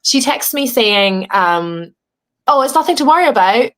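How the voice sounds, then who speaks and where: Young english woman dishing on her reality show, animated, swears a lot, plays out what everyone said. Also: a little high, normal speed. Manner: animated, swearing, acting out quoted dialogue. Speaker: reality show contestant, guest. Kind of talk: casual storytelling in an interview. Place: home.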